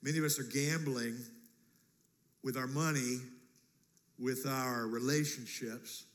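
A male pastor preaching a sermon, animated and acting out voices, swinging between loud and quiet. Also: medium pitch, slow pace. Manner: animated, acts out voices, big swings in loudness. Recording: long hall reverb.

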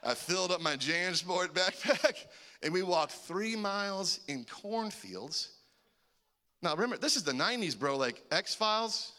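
A man in his forties preaching a sermon, an animated storyteller who acts out the voices in his stories. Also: high voice, unhurried. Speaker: pastor.

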